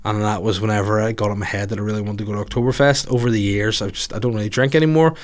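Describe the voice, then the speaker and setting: A man's voice: on the low side, fairly even intonation, very fast. A man, a comedian chatting casually on his podcast, rambling and swearing through jokey asides. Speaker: comedian podcaster answering listener questions. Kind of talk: casual solo podcast chat.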